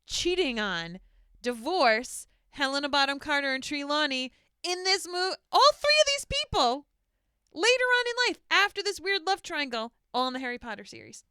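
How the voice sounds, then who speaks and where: Female podcast co-host, higher pitch, giggly, dry close mic. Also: sing-song, moderate pace, sharp tone, dry recording. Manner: giggly, shares fun facts. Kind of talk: casual chat.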